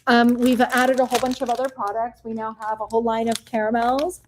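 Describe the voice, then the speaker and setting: A woman who founded a candy company, telling stories in a casual chat in an animated way with lots of fillers. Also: on the high side, fairly quick, slight background noise.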